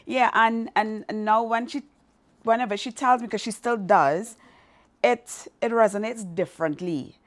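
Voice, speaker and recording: A woman co-hosting a podcast, speaking softly and relaxed as she recalls family moments. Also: on the high side, normal speed. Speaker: podcast co-host. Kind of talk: casual chat.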